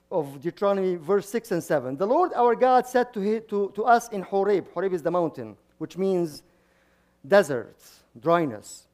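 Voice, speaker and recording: High-voiced priest preaching, halting restarts. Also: male voice, darkish tone. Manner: frequent restarts and repeated words, chuckling asides. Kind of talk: sermon.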